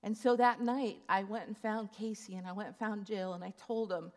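A woman's voice: medium pitch, steady tone, normal speed, a little mellow. A woman in her fifties giving a sermon, telling a personal story in an earnest, confiding way. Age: 50s. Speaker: speaker.

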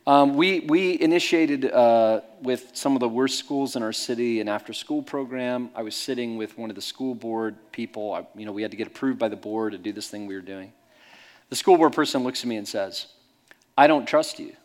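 A man's voice: medium pitch, fairly quick. A man preaching a sermon, telling stories in a candid, emphatic way. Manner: animated storytelling, candid and emphatic. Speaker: pastor.

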